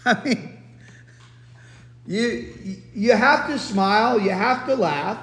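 A man giving a Bible teaching sermon in a relaxed, conversational way, full of restarts and asides. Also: sits high, slow, long pauses, a little hiss or hum. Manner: conversational, many restarts and fillers. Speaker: preacher. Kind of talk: expository sermon. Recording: echoey hall.

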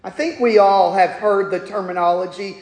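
A man's voice: sits high, normal speed, darkish tone. A man preaching a sermon to his congregation as their pastor, folksy and jokey in his asides. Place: church sanctuary. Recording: echoey hall.

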